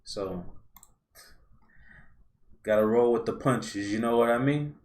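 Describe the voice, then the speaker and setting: A man's voice: medium pitch, slow. A man hosting a podcast, chatting casually and ramblingly about astrology over a video call. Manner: relaxed, rambling, loose slangy phrasing. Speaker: podcast host. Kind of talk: casual astrology chat over a live stream.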